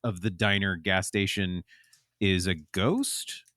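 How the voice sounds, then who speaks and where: A man's voice: sits low, takes it slowly, fairly bright tone, no echo, studio quality. A man chatting as a podcast guest, rambling with lots of ums and restarts. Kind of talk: casual chat.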